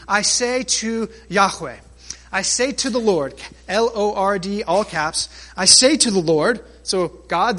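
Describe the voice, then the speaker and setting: A man preaching a sermon as pastor, emphatic, stretching and swelling key phrases, then dropping to quiet asides. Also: high voice.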